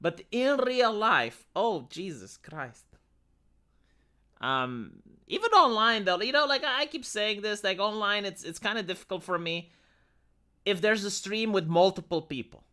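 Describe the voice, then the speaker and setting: A man's voice: high-pitched, lively intonation, measured pace, bright, forceful tone. A young man chatting bluntly with his live-stream chat, swearing often as he answers comments.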